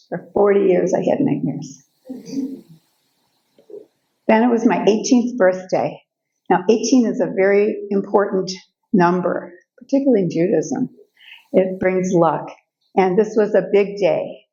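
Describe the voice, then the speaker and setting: An older woman speaking as a guest speaker, telling personal stories in a lively way and acting out the voices of the people in them. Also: medium pitch, a little slow, dull audio. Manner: lively storytelling, acts out quoted voices. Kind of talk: personal storytelling talk. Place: event room.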